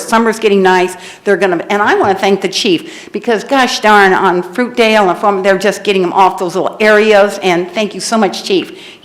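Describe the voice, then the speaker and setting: A woman at the podium in a council chamber, speaking into the microphone with impassioned, sermon-like fervor. She rambles a little as she goes, in a voice of middling pitch. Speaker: public commenter. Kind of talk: public comment at council meeting.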